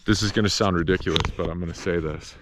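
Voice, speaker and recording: A man from Wisconsin vlogging outdoors in the desert, out of breath and telling a story in a rambling, low-key way. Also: fairly even intonation, fast talker, background noise. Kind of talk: casual vlog narration.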